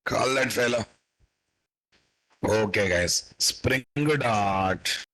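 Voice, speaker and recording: A programming instructor with an Indian English accent teaches a live coding class, slowly dictating code and repeating his students' questions before answering them himself. His voice is lowish and a bit bright, and the audio quality is poor.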